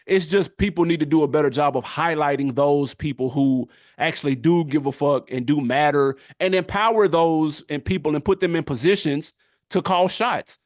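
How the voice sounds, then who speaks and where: A middle-aged man riffing on a podcast with a fairly high, lively voice. He talks loose and animated, drops slang, and laughs between points. The sound is dry and close to the mic with no room around it. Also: moderate pace, no room sound. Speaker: podcast co-host. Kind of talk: casual chat.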